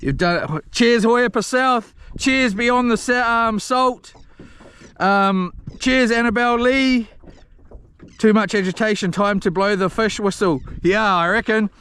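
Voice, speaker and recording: A man with a high voice chats excitably from a small fishing boat out in the rain, his sentences tripping over themselves as he restarts and swears mildly. An action camera picks him up outdoors, with a faint hiss of noise behind him. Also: a little slow. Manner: excitable and scattered, with frequent restarts and mild cursing. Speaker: fishing vlogger live streaming. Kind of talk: rambling live-stream chat.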